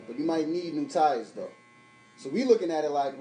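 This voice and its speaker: Mellow man in an echoey room. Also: fairly high pitch, expressive, moderate pace, faint music behind. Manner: explanatory, plain-spoken. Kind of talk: casual chat.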